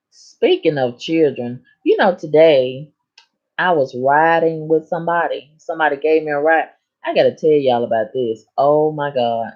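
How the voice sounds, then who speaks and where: A woman hosting a live stream in casual chat, reading viewer comments aloud and answering them in a sassy, animated way with big swings in pitch. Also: muffled recording.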